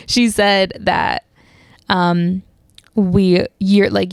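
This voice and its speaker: A woman's voice: mid-range voice, little pitch movement, very slow, vocal fry, pauses often, smooth, no echo, studio quality. A young woman hosting a podcast, chatting casually and rambling with lots of fillers and restarts. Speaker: podcast host. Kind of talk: casual solo chat.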